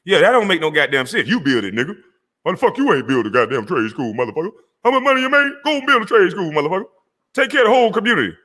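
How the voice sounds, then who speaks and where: Lively, bright-voiced man ranting. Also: high-pitched, very fast. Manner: profane, confrontational and mocking, with bursts of laughter and shouting. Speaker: channel host. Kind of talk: angry rant to camera. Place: Georgia, USA.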